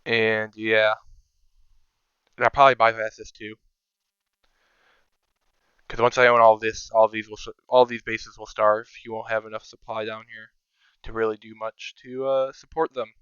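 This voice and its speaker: A man's voice: on the low side, little pitch movement, normal speed, pauses often, a bit bright, clear, resonant tone, no room sound, dull audio. A man giving casual, think-aloud commentary over his own strategy game, sometimes counting under his breath. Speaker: strategy game video creator.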